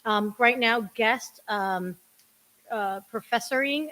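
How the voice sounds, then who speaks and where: Lachende, lebhafte Frau als Moderatorin. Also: female voice, fairly high pitch, moderate pace. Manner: laughing, self-deprecating, animated. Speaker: podcast host and producer. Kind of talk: casual livestream chat. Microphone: single shared microphone.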